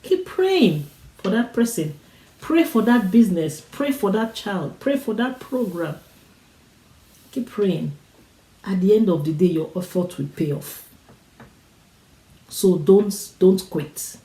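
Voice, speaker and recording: A woman delivers a motivational talk, urging listeners on with repeated, preacher-like phrases. Her medium-pitched voice is mellow with lively intonation, and she takes it slowly with long pauses. The recording is rough and reverberant.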